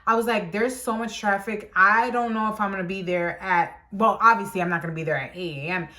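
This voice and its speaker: A woman's voice: medium pitch, a little fast. A young woman vlogger animatedly telling a personal story time and acting out what people said. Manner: animated storytelling, acts out quotes.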